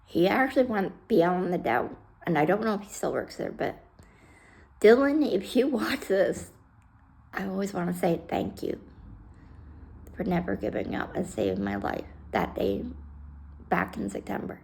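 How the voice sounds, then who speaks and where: Gravelly, animated woman telling a blunt story. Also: medium pitch, unhurried, long pauses. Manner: blunt, swears freely, acts out other people's lines. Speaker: vlogger telling her own story. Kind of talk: casual storytelling to camera.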